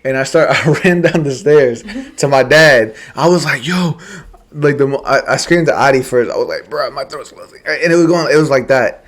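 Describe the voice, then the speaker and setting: A young man co-hosting a podcast, telling a story in casual chat, animated and swearing, laughing often. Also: mid-range voice, fairly quick, few pauses. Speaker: podcast co-host.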